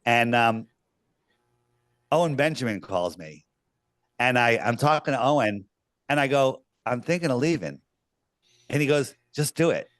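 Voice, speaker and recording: A man telling an animated story as an interview guest, acting out quoted voices and swearing casually. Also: medium pitch, a little slow, pauses often, no room sound, studio quality.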